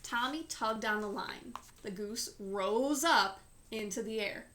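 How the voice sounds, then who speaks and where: Female storyteller, slow unhurried read-aloud, bright tone. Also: on the high side. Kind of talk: read-aloud of a children's book.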